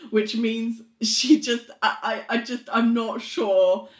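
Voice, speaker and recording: A woman's voice: a little high, fairly even intonation, takes it slowly. A woman co-hosting a casual podcast, speaking hesitantly and laughing often. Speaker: podcast co-host. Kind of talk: casual chat. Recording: roomy echo.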